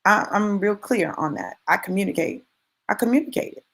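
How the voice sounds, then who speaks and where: A woman's voice: medium pitch, expressive, moderate pace, vocal fry, fairly bright tone. A woman giving a motivational talk, speaking emphatically and conversationally straight to her listeners and repeating key phrases for stress. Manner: conversational, addresses listeners directly.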